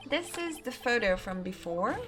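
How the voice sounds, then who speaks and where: A woman streaming a game, talking casually, loud and laughing at herself while she swears, with game music behind her. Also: fairly high pitch, sing-song, moderate pace.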